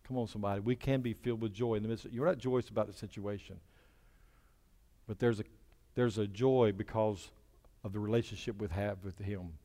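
A male pastor delivering an impassioned sermon in a church, swinging between loud preaching and a hushed, soft voice. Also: fairly low pitch, fairly even intonation, brisk. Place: church sanctuary. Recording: long hall reverb with faint music.

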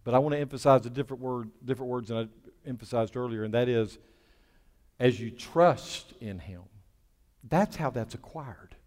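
A man's voice: mid-range voice, quick pace. Man preaching in a reverberant church. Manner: impassioned preaching that drops to a hushed, soft voice. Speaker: pastor. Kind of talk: sermon. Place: church sanctuary. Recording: long hall reverb with faint music.

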